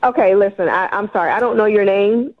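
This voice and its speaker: A woman's voice: medium pitch, quick pace. A woman calling in to a radio show, indignant and exasperated, talking dramatically about a bad date. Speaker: caller. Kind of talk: emotional phone call. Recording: lo-fi phone line.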